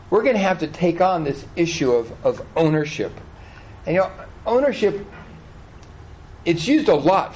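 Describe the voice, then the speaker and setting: A man preaching a sermon as pastor of a church, animated, often asking the congregation questions. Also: fairly high pitch, a little hiss or hum, low-quality recording. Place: church hall.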